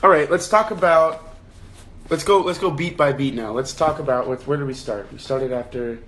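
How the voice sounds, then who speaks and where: A man's voice: mid-range voice, normal speed, a bit bright. A young man hosting a casual livestream book chat, thinking aloud with frequent restarts and questions to his viewers. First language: English. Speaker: livestream host leading a book discussion.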